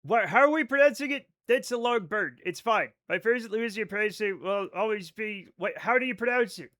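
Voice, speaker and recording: A man's voice: high-pitched, brisk, a bit bright. A young man streaming a game live, chatting casually and swearing freely as he reads and answers chat. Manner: chatty, profane, reads chat aloud and riffs on it.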